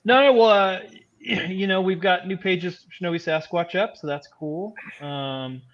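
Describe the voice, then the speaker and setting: A man who writes comics, chatting in a halting, laid-back way on a live show. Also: high voice, fairly bright tone, muffled recording. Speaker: comic book writer, co-host. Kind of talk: casual chat.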